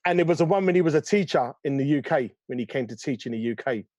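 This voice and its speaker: A man co-hosting a casual chat, answering thoughtfully with pauses. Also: on the high side, animated, a little mellow, no room sound. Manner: thoughtful, pausing with ums. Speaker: co-host.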